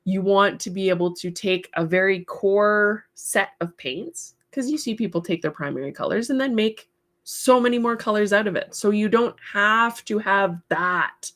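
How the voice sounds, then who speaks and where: A woman's voice: medium pitch, normal speed, fairly bright tone. Chatty woman hosting an art livestream. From part English heritage. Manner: chatty, encouraging, laughs often. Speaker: livestream host, artist. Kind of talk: casual livestream chat, reading viewer comments.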